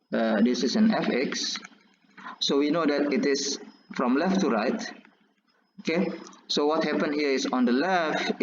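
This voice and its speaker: Slow, halting male math teacher. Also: on the high side, darkish tone, slight background noise. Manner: halting, many restarts and fillers. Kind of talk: calculus lecture while drawing graphs. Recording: echoey, dull lo-fi recording.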